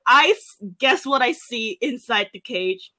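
A young woman telling a casual story on a podcast, filling pauses with "like" and acting out her own past lines. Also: fairly high pitch, expressive, sharp tone. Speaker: podcast co-host.

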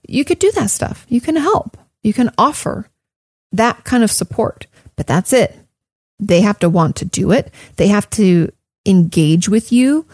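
A woman therapist talks through listener questions in a relaxed, chatty way. She fills her speech with "like" and "um" and repeats key points to drive them home. The recording is dry, with no room echo. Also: on the high side. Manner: conversational, frequent "like" and "um", emphatic repetition. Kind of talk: casual advice talk.

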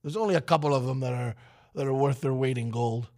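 A man with a raspy voice hosting a morning radio show, rambling and joking with his co-hosts. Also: fast talker, a little mellow. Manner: jokey, rambling, sometimes drops to a low corporate voice. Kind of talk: casual morning show banter.

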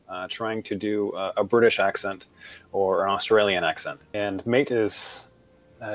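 Relaxed American man chatting. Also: on the low side. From United States. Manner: relaxed, thoughtful, many fillers and restarts. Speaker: guest teacher. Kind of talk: casual conversational chat.

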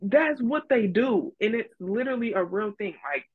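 A woman's voice: mid-range voice, sing-song, normal speed, breathy edge. A young woman co-hosting a casual podcast, talking bluntly and dramatically. Her voice comes through a thin, phone-like line that sounds dry, with no room echo. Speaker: podcast co-host. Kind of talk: casual chat.

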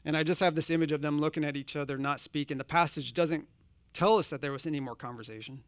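A man's voice: on the high side, steady tone, fast talker, no echo, studio quality. A man preaching a sermon, earnest and conversational, posing direct questions to his congregation. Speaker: pastor.

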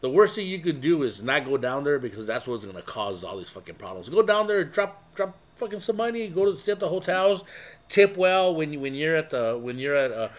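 A man's voice: fairly high pitch, a little fast. A man in casual chat who swears a lot and acts out quotes while telling stories. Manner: swears a lot, animated storyteller acting out quotes.

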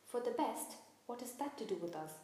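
A woman's voice: fairly high pitch, lively intonation, normal speed, dark tone, lightly acted. Woman playing angry proud centaur, storybook, scornful rebukes, echoey room. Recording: very echoey room, faint hiss.

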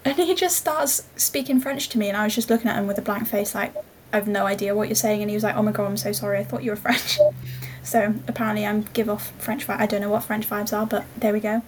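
A woman's voice: medium pitch, fairly even intonation, fast talker, a little hiss or hum. A young woman co-hosting a podcast, chatting in an easygoing, rambling way. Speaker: podcast co-host. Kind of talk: casual chat.

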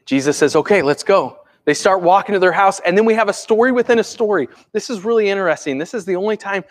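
Pastor, male, high voice, chatty sermon full of rhetorical questions. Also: fast. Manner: conversational, asks the congregation rhetorical questions; acts out everyday inner voices.

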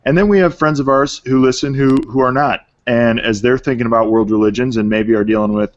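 A man's voice: medium pitch, fairly quick, few pauses. A man hosting a podcast in easygoing casual conversation. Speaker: podcast host. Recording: dull lo-fi remote audio.

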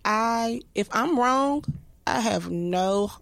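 Woman in her 30s talking openly on a podcast, kinda gravelly, dry mic. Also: on the high side, expressive, drawn-out words, dry recording. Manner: reflective, earnest, many restarts and "like" fillers. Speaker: guest. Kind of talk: candid podcast conversation.

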